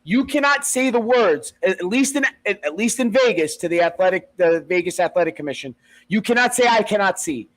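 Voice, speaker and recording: A podcast co-host with a high voice for a man, chatting casually. He tells stories with energy, swearing freely and acting out the lines of the people in them. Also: brisk, rough recording. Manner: animated retelling with profanity and acted-out quotes. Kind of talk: casual chat.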